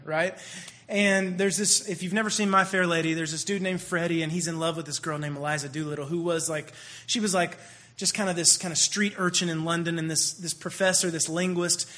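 A man preaching a sermon in a loose, conversational way, lively and animated as he talks. His voice sits high for a man and has a bright, forward tone. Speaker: pastor.

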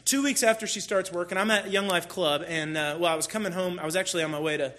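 A man telling a personal story in a sermon, animated and self-deprecating as he talks to the congregation. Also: sits high, fast talker. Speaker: church speaker.

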